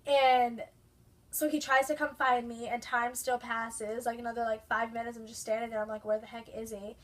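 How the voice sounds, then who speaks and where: A woman's voice: a little high, little pitch movement, moderate pace. A young woman vlogger telling an exasperated story, full of "like" fillers. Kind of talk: casual rant to camera.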